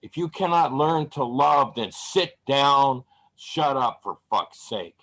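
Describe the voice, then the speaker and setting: Slow, angry man reading spoken word. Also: medium pitch, animated, fairly bright tone. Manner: angry, profane, declamatory delivery. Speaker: open mic poet. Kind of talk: spoken word poetry performance. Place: home, online video call. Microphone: video call.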